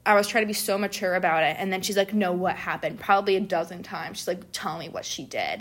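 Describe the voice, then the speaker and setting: A young woman in casual conversation, telling a story in an animated way and acting out what people said, with many "like"s. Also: on the low side, a little fast. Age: young adult. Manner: animated, acts out quoted people, says "like" often. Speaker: guest telling a study-abroad story.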